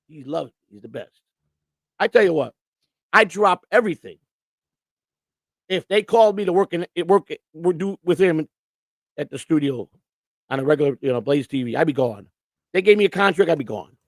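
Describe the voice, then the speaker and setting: A man's voice: a little high, lively intonation, moderate pace, vocal fry, pauses often, no echo. A man hosting a casual live-stream chat show, rambling and stammering through repeated restarts. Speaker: host. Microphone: computer setup with earphones.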